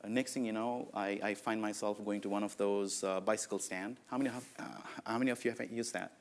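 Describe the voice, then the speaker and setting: A man in his forties from Nepal, with a Nepali accent, giving a conference keynote in an anecdotal, lively way with many "uh, you know" fillers. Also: on the low side, brisk. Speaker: conference speaker.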